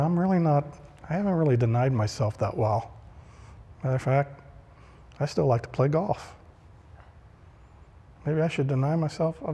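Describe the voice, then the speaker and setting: A man's voice: a little high, darkish tone. A man preaching a conversational sermon, acting out the voices he quotes. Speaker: pastor. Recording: long reverb of a large hall.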